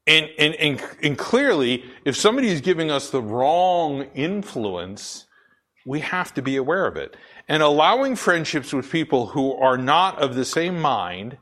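A middle-aged man with a deep, full radio-style voice, preaching a conversational sermon as pastor with many fillers and restarts. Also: sing-song, a little slow, a bit bright.

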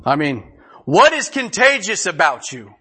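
A man's voice: high voice, very animated, unhurried, sharp tone, breathy edge. A man preaching a conversational sermon, folksy and chuckling often as he reads scripture aloud. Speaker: pastor.

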